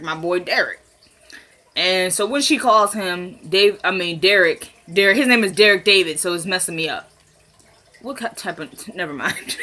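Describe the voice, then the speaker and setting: A woman chatting casually as she recaps a TV episode, retelling scenes with quick voiced quotes. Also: lowish voice, sharp tone. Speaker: TV recap vlogger.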